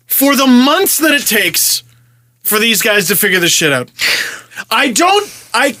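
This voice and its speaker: Young guy podcast host ranting mad, bright voice, swears a lot. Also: very high voice, sing-song, measured pace, slight background noise. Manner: frustrated profane ranting, shouting at times. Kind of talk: casual podcast chat.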